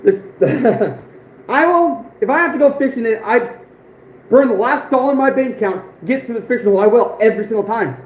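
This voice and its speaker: A man in his twenties hosting an outdoors livestream, telling stories with a voice that is going hoarse, animated and emphatic, repeating phrases for punch. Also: very high voice, brisk, roomy sound, muffled recording. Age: 20s. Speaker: outdoors channel host. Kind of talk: livestream storytelling.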